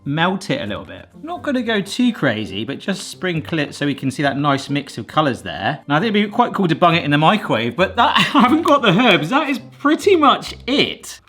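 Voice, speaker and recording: A man's voice: on the high side, wildly swooping pitch, brisk, few pauses, a bit bright, soft background music. A middle-aged man from Bristol with a mild Bristolian accent, hosting a cooking vlog and chatting jokily while he cooks and tastes in a home kitchen. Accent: mild Bristolian English. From Bristol, England. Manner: chatty and jokey, talks while cooking and tasting. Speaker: cooking video host. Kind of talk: casual cooking vlog chat.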